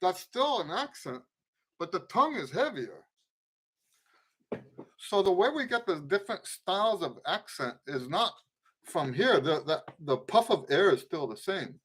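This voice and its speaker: A man's voice: high-pitched, very animated, a little slow, a bit bright, slightly rough. A middle-aged man teaching trumpet in a live question-and-answer stream, talking loosely through his points and singing out tonguing syllables. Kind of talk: casual spoken lesson with playing demonstrations.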